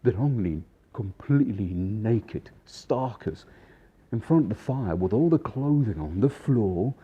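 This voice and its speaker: A young woman coworker bursting with scandal, as a man puts her on. Her voice climbs high and loud as she spills the gossip. The sound is muffled and lo-fi. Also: lively intonation, a little slow, husky. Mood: scandalised.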